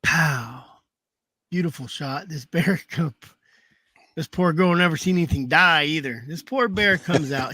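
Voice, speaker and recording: A man's voice: a little high, bright, forceful tone, no echo, studio quality. A man telling rambling hunting stories in a casual chat, laughing through his anecdotes over a video call. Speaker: hound hunter telling stories.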